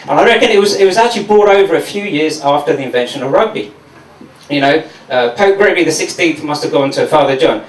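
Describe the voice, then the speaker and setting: A comedian from Mauritius works through a sardonic, swearing routine. His voice sits fairly high and reaches the mic from a distance, with a roomy echo and a little background noise. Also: animated, fast. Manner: sardonic, profane. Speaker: stand-up comedian. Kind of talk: stand-up routine. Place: comedy venue. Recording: echoey room from a distance.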